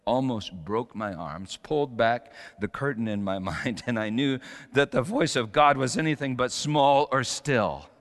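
A man preaching a sermon, telling stories with dramatic, emphatic rises and soft drops. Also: on the low side, in a large hall. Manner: dramatic storytelling with rising emphatic peaks.

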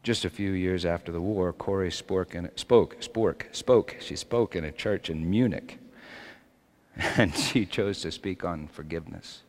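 Impassioned preacher in a reverberant church. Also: male voice, low-pitched, unhurried. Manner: impassioned, swings from hushed to shouting. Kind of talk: sermon.

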